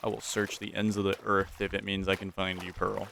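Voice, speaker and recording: A man's voice: sits low, level tone, fairly quick, gravelly, fairly bright tone, a little hiss or hum. A young man casually commentating a survival game, playful and joking, talking to the game's characters. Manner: playful, talks to game characters, jokey pirate voices. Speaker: gameplay commentator.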